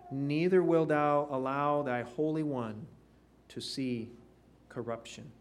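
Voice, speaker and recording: Guy preaching, reads bible verses out then explains em, gets emphatic, mid-pitched voice. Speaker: pastor. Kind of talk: sermon.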